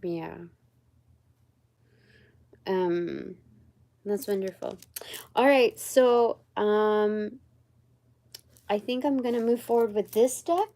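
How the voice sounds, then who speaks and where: Slow, meandering woman reading tarot. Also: medium pitch, dark tone. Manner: slow and meandering, many pauses and fillers; searches aloud for words. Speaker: tarot reader and channeler. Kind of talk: livestreamed spiritual card reading.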